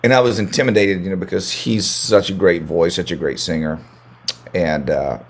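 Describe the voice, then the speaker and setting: Deep gravelly American man. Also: steady tone, normal speed. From United States. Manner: rambling, repeats words as he restarts. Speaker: country singer, guest. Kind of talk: casual interview chat.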